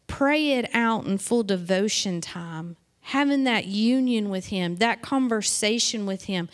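A middle-aged woman leading an informal Bible teaching, reading scripture aloud and then explaining it in plain conversational talk with quick acted asides. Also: mid-range voice.

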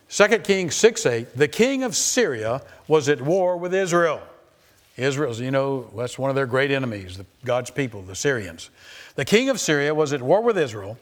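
A man preaching a sermon, reading scripture and acting out the quoted voices with lots of repetition. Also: on the high side. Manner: animated, repeats phrases, acts out quoted voices.

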